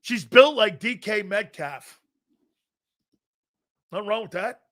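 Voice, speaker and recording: A man's voice: high-pitched, expressive, slow pace, bright, forceful tone. A middle-aged man hosting a live sports talk show, brash and profane, rambling through chat comments and laughing often.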